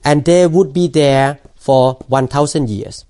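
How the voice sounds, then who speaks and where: A man preaching a sermon in a warm, mellow voice. He is a pastor who speaks earnestly, stopping and restarting as he explains scripture. His delivery is halting and sincere. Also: a little high, clear, resonant tone. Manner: earnest, halting, repeats words.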